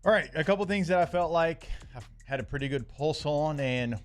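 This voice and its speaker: A man co-hosting a sports radio show, talking in a relaxed, conversational way and laughing easily. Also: fairly high pitch, a little fast, faint music behind. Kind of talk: casual sports talk.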